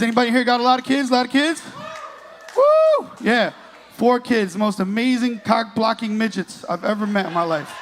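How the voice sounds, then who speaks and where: A man's voice: high-pitched, a little hiss or hum. A man in his late thirties doing a crude, profane stand-up comedy set on a comedy club stage, working the crowd. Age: 30s.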